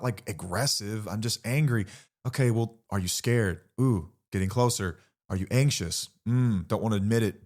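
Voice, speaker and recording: A middle-aged man hosting a podcast, speaking blunt and earnest about recovery and swearing casually. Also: on the low side. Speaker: podcast host. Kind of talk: candid recovery talk.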